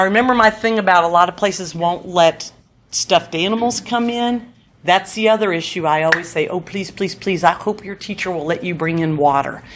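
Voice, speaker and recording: A woman presenting at a seminar, teaching in a lively way that often checks in with "okay?" and acts out things said to children. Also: fairly low pitch, slight background noise. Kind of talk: lively teaching talk to an audience.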